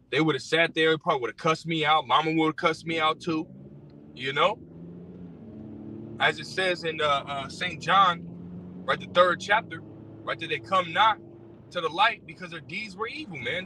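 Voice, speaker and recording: A man's voice: a little high, sharp tone. A man who drives for a rideshare service, ranting bluntly and profanely about scripture, packed with fillers and repeats. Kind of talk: casual religious rant. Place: in a car. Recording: distant mic with faint car noise.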